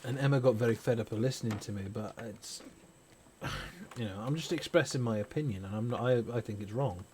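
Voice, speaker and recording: A man's voice: mid-range voice, brisk, darkish tone, a little hiss or hum. Swearing man ranting over gameplay. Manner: rambling, swears freely, opinionated. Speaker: gaming channel host; parent. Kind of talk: casual chat over gameplay.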